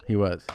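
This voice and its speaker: A man's voice: a little mellow, slight background noise. A middle-aged man telling stories in casual podcast chat, laid-back and swearing freely. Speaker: podcast guest and comedian.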